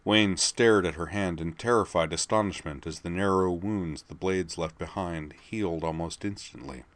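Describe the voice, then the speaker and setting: Low-voiced man narrating a story. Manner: measured, even storytelling. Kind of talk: audiobook narration.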